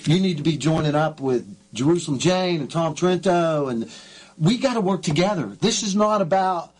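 A husky man hosts a faith-based talk show with a slightly raised pitch. He speaks fervently and excitably and circles back over his own words. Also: moderate pace. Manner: fervent, excitable, repeats himself. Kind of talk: emotional radio interview.

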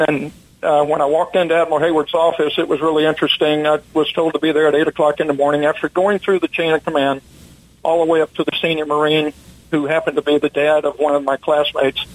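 An older man, a retired pilot, telling long stories in a relaxed, rambling way with many fillers, as an interview guest. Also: on the high side, low-quality recording. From United States. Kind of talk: casual storytelling interview.

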